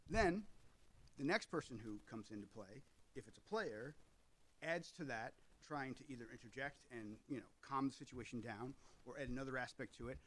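A man's voice: medium pitch, a little fast, fairly bright tone, slightly rough, rough recording. A man hosting an explainer video on tabletop games, talking through ideas in a discursive way with asides. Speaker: host.

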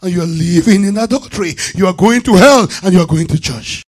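A man preaching a sermon as bishop, calling out to the congregation for answers and swinging between loud declarations and hushed asides. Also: high-pitched, brisk. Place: church sanctuary.

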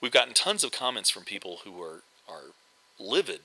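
A man's voice: lowish voice, sing-song, moderate pace, sharp tone, breathy edge, low-quality recording. A middle-aged man chatting casually over gameplay, rambling with lots of fillers and restarts. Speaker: host. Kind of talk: casual game commentary.

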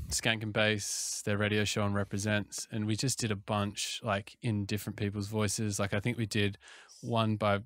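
A man's voice: lowish voice, flat delivery, normal speed, few pauses, fairly bright tone, no room sound, studio quality. An Australian man chatting casually as a podcast guest, thinking aloud with restarts. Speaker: guest producer.

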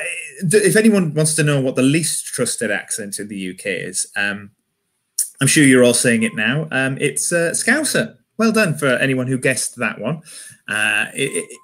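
A man's voice: medium pitch, fairly bright tone. A man with a Yorkshire accent doing a wry stand-up comedy set from home, often restarting his phrases.

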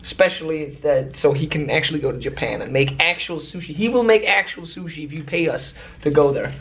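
A man's voice: on the high side, a little fast, fairly bright tone. A young man hosting a trip video, exasperated and swearing as he jokes with friends. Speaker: video host. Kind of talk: casual banter among friends.

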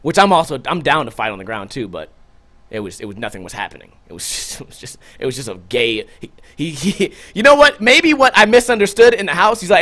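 A man hosting a podcast, telling a story in a loose, profane, animated way and loudly acting out what people said. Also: a little high, fast talker. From Las Vegas. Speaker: podcast host. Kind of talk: casual storytelling monologue.

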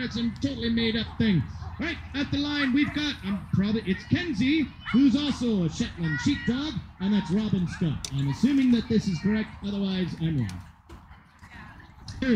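Bloke doing live commentary, very high voice, jokey and rambling, loud outdoor noise with dogs barking. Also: male voice. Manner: joking, rambling, playful. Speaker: event commentator. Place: outdoor agility field.

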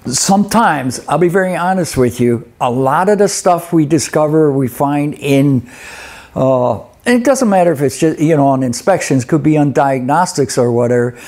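A man's voice: fairly high pitch, lively intonation, moderate pace, a little mellow. A middle-aged man giving a live webinar lecture on truck inspections, folksy and conversational, often checking in with "okay?" and "eh?". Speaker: instructor.

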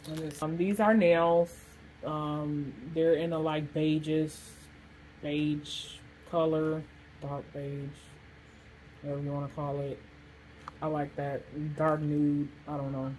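Casual woman vlogger with a deep, slow delivery, rambling through her haul over faint background hiss. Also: flat delivery, a little mellow, rough recording. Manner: chatty, rambling, lots of fillers. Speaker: vlogger showing a shopping haul. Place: hot room with a fan blowing.

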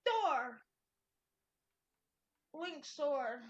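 A woman's voice: sits high, big pitch swings, very slow, muffled recording. A woman giving playful, chatty gameplay commentary, talking to herself with sudden exclamations. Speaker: gamer.

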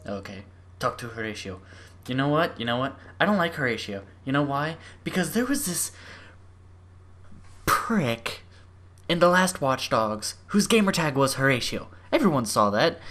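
A young adult gaming YouTuber giving excitable let's-play commentary, gushing and swinging from squeals to murmurs. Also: mid-range voice, normal speed.

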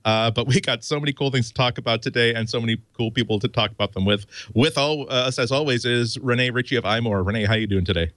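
A man guest-hosting a casual tech podcast, chatty and self-deprecating, stumbling through restarts as he goes. His voice sits at an ordinary pitch and sounds dry and close, with no room around it. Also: fast, few pauses, a bit bright, no room sound. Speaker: guest host.

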